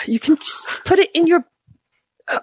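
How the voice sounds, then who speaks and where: A woman's voice: extremely high pitch, lively intonation, measured pace. A woman playing a tabletop game, talking casually with lots of stammering restarts.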